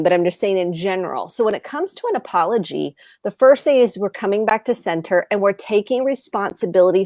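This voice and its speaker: A middle-aged American woman therapist explains tips on a live show, her mid-range voice darkish in tone and recorded dry at studio quality. She gives earnest advice, often speaks in lists and acts out short example dialogues.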